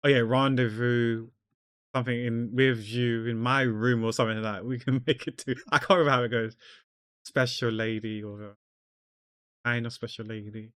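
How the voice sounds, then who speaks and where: A relaxed man talks to his chat while he draws, jokey and meandering. His voice sits at an ordinary middle pitch and comes through a close, dry mic. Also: normal speed, smooth, no room sound. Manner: chatty, rambling, jokey. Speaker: art streamer. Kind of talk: casual livestream chat while drawing.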